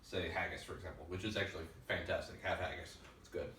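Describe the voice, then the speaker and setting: A man's voice: low voice, fairly even intonation, fast, sharp tone. A man chatting casually in a wry, self-mocking way while eating. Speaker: game developer eating sauerkraut for backers. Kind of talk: casual chat. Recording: echoey room from far off, faint noise.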